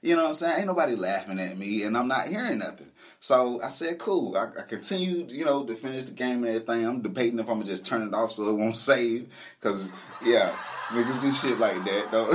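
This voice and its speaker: A man telling a comic story about his girlfriend, animated, profane and laughing as he goes. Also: mid-range voice, a little fast, breathy edge. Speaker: comedian. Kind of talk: stand-up storytelling.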